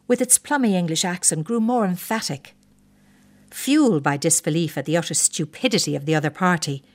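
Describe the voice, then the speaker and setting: An older woman reading a personal story aloud in a wry, measured way. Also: fairly low pitch. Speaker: narrator.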